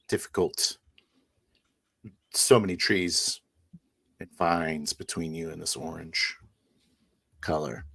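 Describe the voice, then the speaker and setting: A man narrating a tabletop game as game master, halting often with fillers and restarts. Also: rumbling low, gravelly, sharp tone, husky, no echo.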